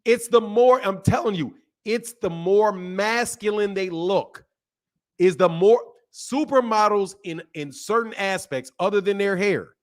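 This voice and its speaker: A man in his forties hosting a channel, talking in an animated, repetitive casual rant and laughing often. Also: high voice, measured pace. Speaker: boxing channel host.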